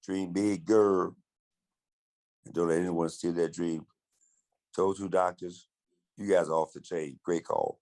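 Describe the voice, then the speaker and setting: A man's voice: low-pitched, steady tone, measured pace, long pauses, a little mellow, dry recording. A man giving an emphatic, rallying motivational speech. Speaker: motivational speaker.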